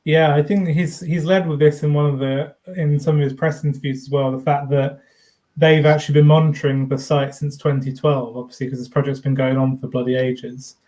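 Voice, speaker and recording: Male co-host, a touch higher voice, relaxed explainer with casual swearing. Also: a little fast. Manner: explanatory, informal, mild swearing. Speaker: co-host of a theme park fan channel. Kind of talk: casual live-stream chat.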